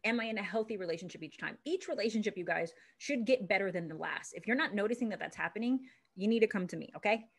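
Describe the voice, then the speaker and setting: A woman's voice: mid-range voice, animated, fast, few pauses, breathy edge. A woman relationship expert hosting an interview, upbeat and encouraging, laughing often with her guest.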